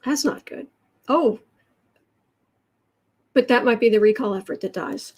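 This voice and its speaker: A woman hosting a live tarot reading, musing aloud over the cards and answering chat in halting, drawn-out phrases. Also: on the high side, darkish tone, husky. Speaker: tarot reader and channel host.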